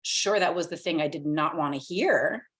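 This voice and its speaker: A woman's voice: low-pitched, moderate pace, fairly bright tone. A woman talking as a podcast guest, thoughtful and earnest, working through her ideas with lots of fillers. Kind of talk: casual reflective podcast conversation.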